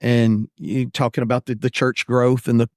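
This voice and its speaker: A man's voice: medium pitch, flat delivery, normal speed, a little mellow, dry recording, clean studio sound. A man hosting a podcast, speaking earnestly in casual conversation and repeating phrases for emphasis.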